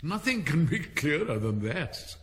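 A man's voice: on the high side, big pitch swings, a little slow, fairly bright tone, long reverb tail, pitched above the performer's own voice. A man voicing a pompous, self-satisfied king who fusses over the court. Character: pompous fussy old king, pleased with himself.

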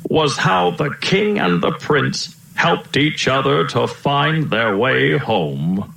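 A man doing a gentle old elephant uncle. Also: medium pitch, lively intonation, takes it slowly, vocal fry, voice pushed up, heavily acted. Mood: kindly. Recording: roomy echo.

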